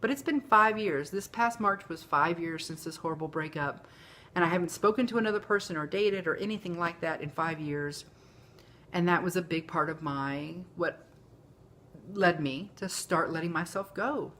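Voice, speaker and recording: A woman's voice: lowish voice, moderate pace, fairly bright tone, slight background noise. A woman, talking candidly and emotionally in a rambling personal vlog. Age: 40s. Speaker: vlogger. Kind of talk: casual confessional vlog.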